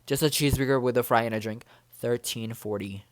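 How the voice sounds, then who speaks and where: A man's voice: medium pitch, a little fast, no echo. Young man, casual vlog, bubbly, rambling, many fillers, dry close sound. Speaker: vlogger.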